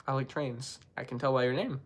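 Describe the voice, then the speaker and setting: A man's voice: mid-range voice, fairly quick, slight background noise. A young man answering trumpet questions on a live stream, in a rambling, self-deprecating way, singing syllables to show his points.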